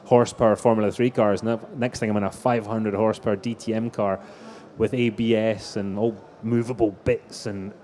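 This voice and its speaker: A man's voice: on the low side, flat delivery, a little fast, few pauses, dark tone. A middle-aged man telling anecdotes as a guest in a live stage interview. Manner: anecdotal storytelling, frequent restarts. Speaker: racing driver guest.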